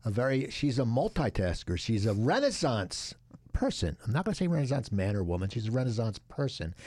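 A man hosting a podcast interview, chatty and rambling, his voice jumping up when he gets excited. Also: mid-range voice, brisk, no room sound, clean studio sound. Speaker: podcast host. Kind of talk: casual interview chat.

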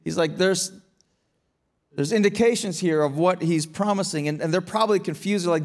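High-voiced preacher, earnest and emphatic. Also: male voice, moderate pace. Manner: earnest, repeats words and restarts often, builds to emphatic rhetorical questions. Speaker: pastor. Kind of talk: sermon.

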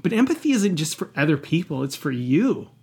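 A man's voice: on the high side, sing-song, fairly quick, darkish tone, husky. A man talking candidly in a podcast conversation, passionate and emphatic, swearing often and reflecting earnestly on his own past.

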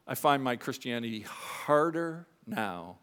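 Animated preaching man, lively pitch. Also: measured pace, clear, resonant tone. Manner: animated preaching, swings between soft confessional lows and raised emphatic highs. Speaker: pastor. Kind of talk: sermon. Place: church sanctuary.

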